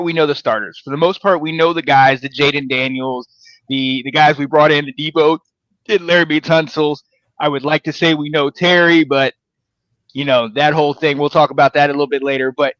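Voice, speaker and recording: A man hosts a casual sports show in a bright, somewhat high voice. He rambles with energy, stacking one thought on the next. The sound is dry and a little dull. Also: no echo. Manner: energetic, rambling, pitch jumps when excited. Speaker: podcast host.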